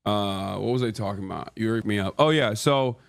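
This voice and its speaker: A tired man, short on sleep, streams live from a hotel room through a streaming mic, chatting casually and rambling with joking banter. His voice is fairly low and fairly quick, with vocal fry.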